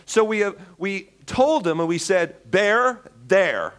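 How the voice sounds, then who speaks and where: A man with a fairly high voice speaks at a seminar and tells a story in a playful, animated way. He acts out little voices and breaks off into jokey asides while keeping the audience with him. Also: measured pace, clear, resonant tone. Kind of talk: live seminar talk.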